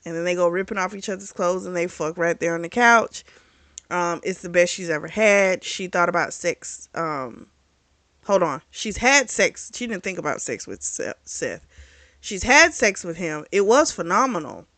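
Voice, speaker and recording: Chatty, frank woman with a lowish voice. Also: lively intonation, normal speed, a bit bright, no room sound. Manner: candid and chatty, frank about explicit scenes; loose, rambling delivery with fillers and self-corrections. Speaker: book reviewer. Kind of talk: casual retelling of a novel's plot.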